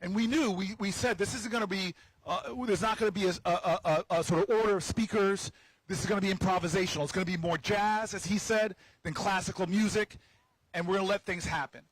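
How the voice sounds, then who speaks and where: A senator speaking outdoors at a rally, telling a playful story to the crowd, with stammering restarts and repeated words. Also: male voice, high voice, quick pace, no echo, low-quality recording. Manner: lively, playful storyteller who teases the crowd. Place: outdoors on building steps at a rally.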